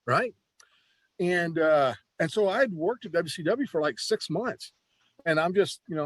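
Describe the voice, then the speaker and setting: A man who is a former pro wrestler, telling stories in a casual, animated interview with lots of "you know" and restarts. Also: fairly high pitch, unhurried, dry recording.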